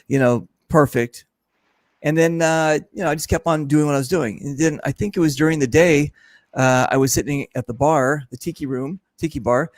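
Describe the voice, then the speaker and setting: A man hosting a casual chat, telling a lively story and acting out what others said. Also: a little high, normal speed, no room sound. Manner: animated storyteller, mimics others in his stories. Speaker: host. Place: event booth.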